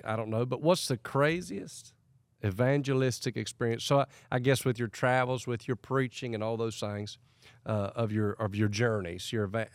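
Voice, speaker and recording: A man, a pastor hosting an interview, asking questions in a rambling, halting way. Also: medium pitch, no echo. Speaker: podcast host pastor. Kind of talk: casual interview.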